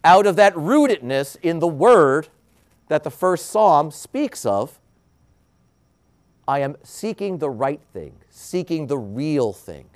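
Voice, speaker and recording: A priest giving a homily in a slow, deliberate preaching style, rising to emphatic highs and dropping to hushed endings. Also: male voice, big pitch swings.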